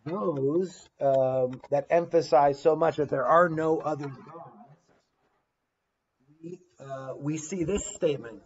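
A man's voice: a little high, slow, highs cut off, slight background noise. A man teaching a church Bible class without a script, stopping to restart his phrases and reading scripture passages aloud with emphasis. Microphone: recording device on battery.

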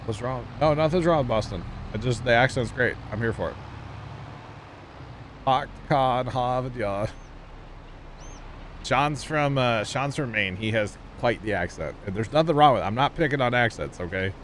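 A man's voice: medium pitch, expressive, a little fast, few pauses, a bit bright, a little hiss or hum. A man with a Midwestern accent streaming a game, chatting casually with his viewers in a rambling way full of fillers. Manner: rambling, chatty, talks to chat with many fillers. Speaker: gaming streamer. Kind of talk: casual livestream chat while playing.

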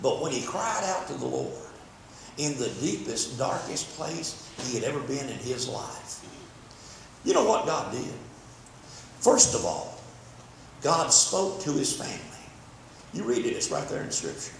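Recorded in a very echoey church sanctuary with faint background noise, an older man preaches, telling a story fervently with repeated words. His medium-pitched, gravelly voice is very animated and a little slow, with long pauses.

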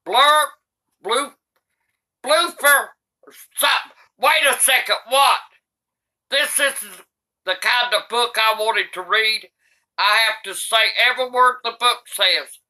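Cranky foul-mouthed older grandma, slow and sharp. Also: female voice, on the high side. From United States. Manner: cranky, swears constantly, shouts in outrage. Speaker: comedy YouTuber grandmother. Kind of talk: comedic reading aloud.

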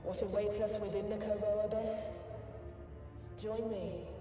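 An actor playing a formal male scientist who directs a research facility in a video game, speaking in a measured, formal way. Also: sits high, little pitch movement, over music. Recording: game audio, roomy hall from far off.

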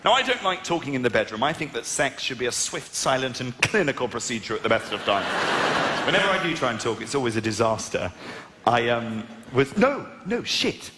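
A young man with a posh southern English accent doing a stand-up set on stage, plummy and self-mocking as he tells animated stories. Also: mid-range voice, brisk. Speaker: stand-up comedian. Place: large arena stage. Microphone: stage microphone. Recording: echoey arena with crowd noise.

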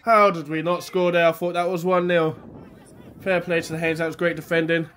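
A man from England, a bit under the weather, doing excitable live commentary on an amateur football match outdoors. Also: on the high side, brisk, a little hiss or hum. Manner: excitable, shouting at chances, then quiet and matter-of-fact. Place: outdoors at a grassroots pitch.

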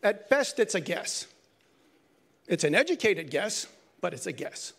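A man's voice: sits high, sing-song, a little slow, gravelly, fairly bright tone. An older man giving a short conference talk, speaking in an earnest, reflective way and now and then correcting himself mid-phrase. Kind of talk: lightning talk.

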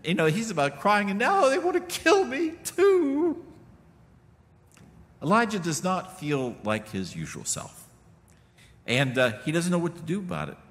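A middle-aged male pastor gives a sermon in a relaxed, folksy manner. His voice swings widely in pitch as he talks to the congregation. The sound rings with the long reverb of a church sanctuary. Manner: folksy, conversational preaching with many asides.

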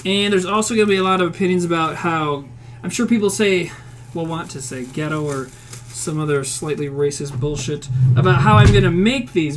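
A woman with a medium-pitched voice and a Northern Plains Midwestern accent, from the Upper Midwest of the United States, talks bluntly on a cooking stream, swearing freely and answering her chat while she cooks. She's in a home kitchen where food is frying, with faint sizzling in the background. The recording carries a little hiss or hum.

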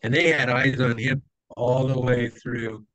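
A man's voice: mid-range voice, fairly even intonation, measured pace, a bit bright, no echo, poor audio. Man, interview guest, casual storytelling, rambling, lots of fillers, dry close sound. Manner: rambling, many fillers, acts out quoted voices.

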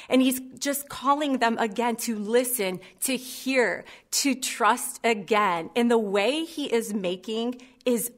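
A woman's voice: a little high, unhurried, few pauses. A woman in her thirties giving a heartfelt, personal sermon. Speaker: preacher.

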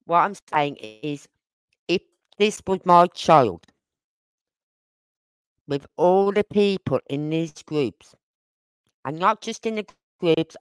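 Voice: mid-range voice, clear, resonant tone, dry recording. Emphatic YouTuber in a dry room. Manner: emphatic, rhetorical questions, repeats points; apologetic about talking fast. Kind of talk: live-stream commentary.

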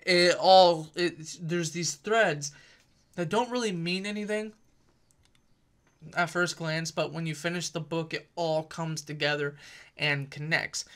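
A young man talks through a novel's plot in a loose, conversational review. He backtracks and corrects himself often, with plenty of fillers. His voice sits a little high and sounds bright and forward. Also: steady tone, a little slow. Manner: rambling, self-correcting, uses fillers. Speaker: book reviewer. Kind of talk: casual book review.

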